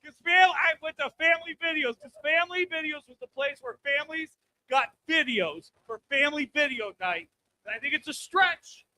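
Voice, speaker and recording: A man in his thirties doing a live stand-up comedy set, brash and loud, working the crowd and breaking into shouts. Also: very high voice, normal speed, slight background noise. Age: 30s. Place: comedy club stage.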